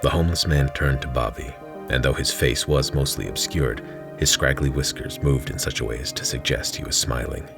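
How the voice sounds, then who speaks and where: A man's voice: a bass voice, brisk, gravelly, fairly bright tone, soft background music. A man reading his own fantasy short story aloud in a dry, wry narrating manner.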